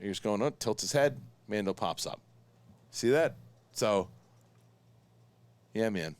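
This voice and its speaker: A man hosting a casual watch-along review, talking excitedly in quick bursts and laughing often. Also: fairly low pitch, no echo. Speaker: host.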